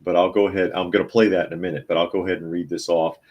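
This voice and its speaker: A man's voice: sits low, level tone, racing, muffled recording. A man hosting a live news talk podcast from his home office, chatting casually and reading headlines aloud with his own comments. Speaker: podcast host.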